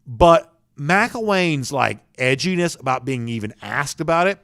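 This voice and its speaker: A man's voice: fairly high pitch, expressive, unhurried, fairly bright tone, no room sound, clean studio sound. Opinionated Southern American man talking sports. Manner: chatty, opinionated, with frequent restarts. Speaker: sports talk show host. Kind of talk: live sports talk commentary.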